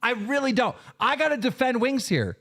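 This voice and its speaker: A man's voice: very high voice, expressive, moderate pace, a bit bright. A man hosting a live stream, reacting to clips in a heated, profane rant and often repeating himself.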